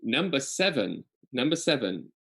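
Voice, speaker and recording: Husky-voiced playful man hosting a quiz. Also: mid-range voice, very animated, a bit bright. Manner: playful, chatty, reads questions slowly. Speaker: quiz co-host. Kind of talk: casual online quiz hosting.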